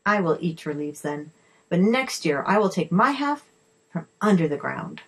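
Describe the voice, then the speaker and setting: A woman's voice: lowish voice, big pitch swings, moderate pace, breathy edge, heavily acted, low-quality recording. Woman doing a grumpy little boggart. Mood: grudging. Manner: huffy, stamping, shouting outbursts. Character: grumpy little male boggart, easily frustrated.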